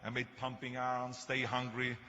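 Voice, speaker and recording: A man's voice: mid-range voice, monotone, moderate pace, pushed and bright, highs cut off. Emphatic German-accented older man in a hall. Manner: emphatic storytelling, punchy and self-mocking. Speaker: motivational speaker. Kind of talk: motivational speech. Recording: long hall reverb, faint ambience.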